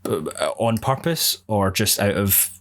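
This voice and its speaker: Young male co-host with a slightly low voice who talks at length in an earnest, rambling way. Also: lively intonation, takes it slowly, fairly bright tone. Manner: long-winded, earnest opinions. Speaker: podcast co-host. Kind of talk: casual podcast chat.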